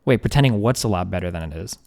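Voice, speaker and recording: Male streamer, rapid and profane, casual commentary. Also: low voice, expressive, gravelly, darkish tone. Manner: fast, profane, reads messages aloud.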